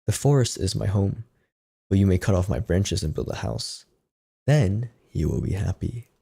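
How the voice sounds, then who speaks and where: A man voicing a gentle, giving female tree in a soft, hushed, sorrowful way. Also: low-pitched, animated, normal speed, vocal fry, breathy edge, exaggerated voice. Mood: tender.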